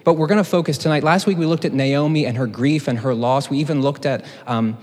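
Male preacher, casual teaching tone with jokes, mid-pitched voice, long hall reverb. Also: quick pace, a little mellow. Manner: conversational, joking asides. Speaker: teaching pastor. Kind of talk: sermon teaching.

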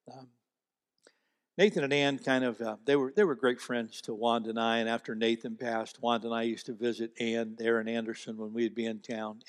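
A man's voice: mid-range voice, long reverb tail. A man preaching as a pastor, telling stories in a folksy, earnest way with small restarts. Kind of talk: sermon storytelling. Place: church sanctuary.

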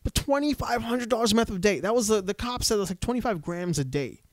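A man with a high, quick voice rattles through stories in casual chat, swearing freely and acting out the people he quotes. The sound is dry and close to the mic. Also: expressive, no echo. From Canada. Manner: rambling storyteller, swears freely, acts out quotes. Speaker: podcast co-host.

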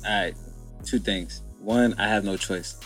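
A young man with a low voice tells his story bluntly, full of slang and swearing, in a candid podcast chat. Faint music runs underneath. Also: a little slow, fairly bright tone. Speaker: guest.

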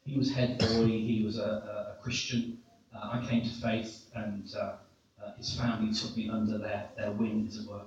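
A middle-aged man from England giving a sermon as a preacher, telling a story with lively, self-mocking humor. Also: lowish voice, moderate pace, slight background noise. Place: church hall. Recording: very echoey hall, distant dull mic.

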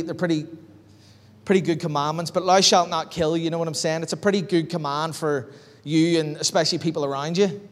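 Man, pastor, sermon, high voice, long church hall reverb. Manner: animated, acts out dialogue in character voices.

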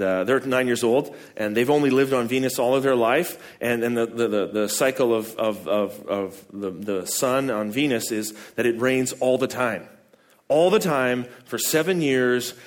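Emphatic man preaching a sermon. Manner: emphatic, repeats key words, stumbles and restarts; rises to high, loud emphasis on key phrases.

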